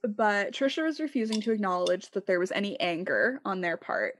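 A woman's voice: mid-range voice, brisk, a little hiss or hum. A young woman co-hosting a podcast, chatting casually and animatedly, swearing and mimicking other people. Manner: animated, swearing, quoting others in mock voices. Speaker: podcast co-host. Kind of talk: casual gossip chat.

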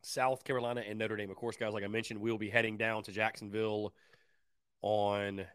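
A man's voice: lowish voice, little pitch movement, fairly quick, a bit bright, clean tone, no room sound, studio quality. Upbeat male sports talk host. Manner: upbeat, repeats phrases for emphasis. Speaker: sports radio show host.

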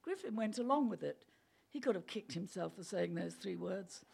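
A woman's voice: medium pitch, expressive, moderate pace, gravelly, a little mellow, slightly rough. A woman reading a story aloud, amused and often breaking into laughter. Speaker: reader.

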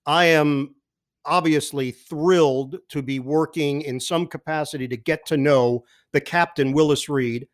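A man who works as a sports broadcaster, telling lively anecdotes as a podcast guest and mimicking the people in them. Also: a little high, a little slow. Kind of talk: animated storytelling in a podcast interview.

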